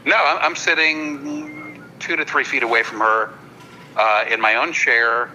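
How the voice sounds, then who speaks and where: A man, a hypnotist comedian guest on a podcast, telling a long anecdote in a casual, halting way, often repeating words and checking in with "you know.". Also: medium pitch, animated, pushed and bright, a little hiss or hum, poor audio. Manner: halting, repeats words while building a story; apologetic, checks in with listeners.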